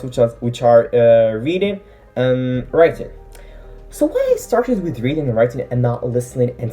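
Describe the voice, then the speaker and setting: A woman with a very deep, mellow voice, whose first language is Arabic, gives casual vlog advice. Her pitch moves about with lively ups and downs. She sounds earnest and encouraging, with plenty of fillers and restarts, over faint background music. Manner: earnest, encouraging, many fillers and self-corrections. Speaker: English-learning vlogger.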